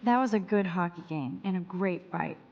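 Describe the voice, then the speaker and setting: Young photography student, game character, shy, introspective, quiet inner monologue. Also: female voice, fairly low pitch, moderate pace, creaky, lo-fi sound. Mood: musing. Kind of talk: video game dialogue.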